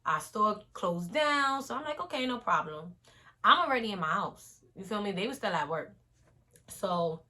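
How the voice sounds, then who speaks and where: A young woman, telling an animated casual storytime vlog straight to her viewers. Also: lowish voice.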